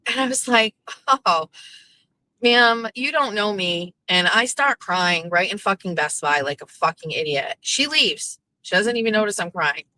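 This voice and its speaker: A woman's voice: on the low side, expressive, sharp tone, low-quality recording. A woman, hosting her show and telling a casual, profane story, quoting the people in it. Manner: chatty and profane, quoting others in quick back-and-forth. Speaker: host.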